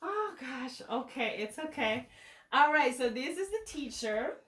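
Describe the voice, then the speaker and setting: Woman teacher, picture-book reading, sing-song, drawn out, fairly high voice, echoey room, sitting back from the mic. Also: animated, a bit bright, recorded from a distance. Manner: slow, sing-song teacher talk with many check-in questions. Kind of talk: reading a picture book aloud to young children.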